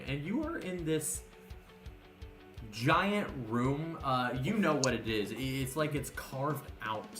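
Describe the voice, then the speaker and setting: A man narrating as game master in a tabletop game, rambling with many fillers and restarts. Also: mid-range voice. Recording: echoey room with faint music.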